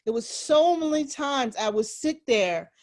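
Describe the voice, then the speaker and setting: Woman co-host with a higher voice; thoughtful, measured, reflective chat. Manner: thoughtful, measured, with steady listening murmurs. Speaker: podcast co-host.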